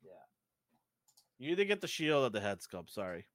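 Here a middle-aged Fijian podcast co-host speaks a little fast in a mid-range voice. He's an animated storyteller who plays out the dialogue of the people in his stories during casual chat.

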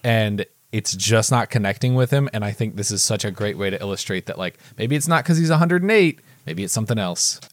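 A man co-hosting a casual chat, rambling and animated, with quick asides and restarts. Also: lowish voice, dry recording. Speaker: podcast co-host.

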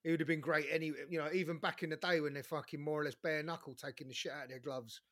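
A man's voice: on the high side, steady tone, quick pace, a bit bright, no echo, studio quality. A man co-hosting a boxing podcast, blunt and swearing, with short interjections. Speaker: podcast co-host. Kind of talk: casual podcast chat.

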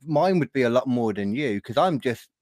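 A man co-hosting a podcast, talking in a relaxed and rambling way with plenty of fillers. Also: medium pitch, normal speed, dry recording. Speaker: podcast co-host. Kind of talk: casual chat.

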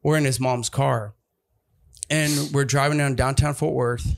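A young man telling a story in casual chat, acting out other people's voices with big jumps in pitch. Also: fairly even intonation, unhurried, vocal fry.

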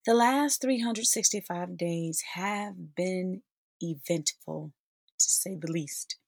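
A woman in her forties tells a personal story to her listeners with slow, heartfelt pacing. Her voice is husky and sits a little low. The recording is dry and close, with no room around it. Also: no room sound. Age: 40s. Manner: heartfelt, addresses listeners as sisters and y'all. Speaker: podcast host.

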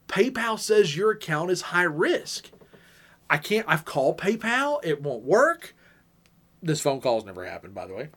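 High-voiced animated male podcast host. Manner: animated, acts out quoted voices, laughs often. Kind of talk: casual storytelling chat.

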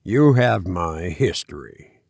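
A man reading the lines of a bitter, reclusive older scientist in a slow, low, subdued voice. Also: lively intonation, vocal fry, darkish tone, husky, no room sound, clean studio sound, heavily acted.

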